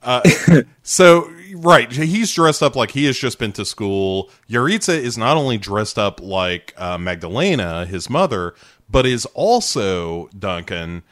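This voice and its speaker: Casting: low-voiced man, podcast co-host, playful banter, dry close mic. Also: sing-song, measured pace, a bit bright, dry recording. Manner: laughing, playful recap with quoted lines. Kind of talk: casual podcast chat recapping a show.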